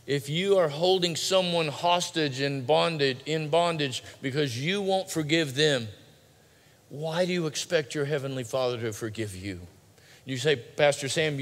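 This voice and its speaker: A male pastor preaching a sermon in a large church, swinging between loud urgent pleading and quiet hushed lines. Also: on the high side, measured pace. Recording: long hall reverb.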